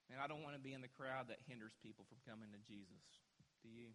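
A young adult man preaching a sermon as pastor, impassioned, swinging between hushed moments and shouts. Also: mid-range voice, fast talker, long reverb tail.

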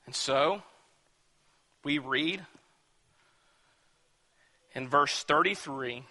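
Preacher with a bright, ringing voice. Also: male voice, fairly high pitch, extremely slow. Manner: dramatic, swings from hushed to loud emphatic bursts. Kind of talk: sermon. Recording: long hall reverb.

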